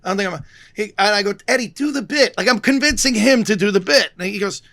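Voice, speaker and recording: Comic guy with a high bright voice, a bit of fry, doing everyone's lines in his story. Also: fast talker. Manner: lively, acts out the people he quotes. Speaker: comedian. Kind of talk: casual podcast storytelling.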